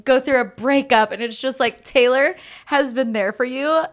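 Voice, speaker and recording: A woman's voice: high-pitched, moderate pace. A young woman co-hosting a casual podcast, reacting with laughter and teasing asides. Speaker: podcast co-host. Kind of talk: casual chat.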